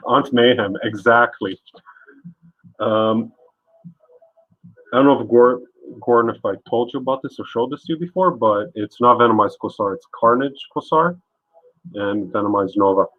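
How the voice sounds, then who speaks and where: A man's voice: medium pitch, moderate pace, pauses often, dull audio. A man live-streaming his art, chatting casually and joking with his chat as he works. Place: home art studio.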